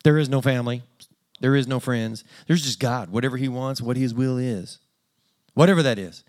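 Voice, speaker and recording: A man's voice: mid-range voice, moderate pace, a little mellow. A man preaching a conversational sermon in a plain-spoken, self-deprecating way with dry humor.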